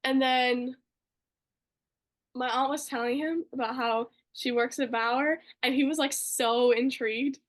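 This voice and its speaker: A woman's voice: sits high, fairly even intonation, measured pace. A young woman co-hosting a podcast, telling a story casually and gushing, with lots of fillers. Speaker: podcast co-host.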